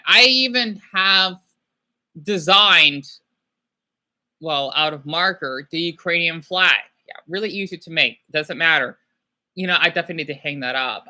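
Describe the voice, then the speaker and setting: A man hosting a casual livestream, rambling and excitable, often apologizing as he talks. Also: high-pitched. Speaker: livestream host.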